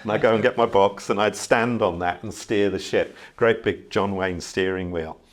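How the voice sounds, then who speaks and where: A middle-aged man from the Channel Islands, a ship captain, telling stories of his early years at sea in a reflective, unhurried way with many fillers. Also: on the low side. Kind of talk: conversational storytelling.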